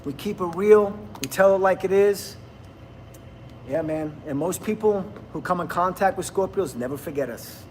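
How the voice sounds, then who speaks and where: A man's voice: high-pitched, normal speed, a little mellow, slight background noise. A man, rambling bluntly and laughing often in casual livestream chat with viewers. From New Jersey, USA. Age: 50s. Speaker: livestream host.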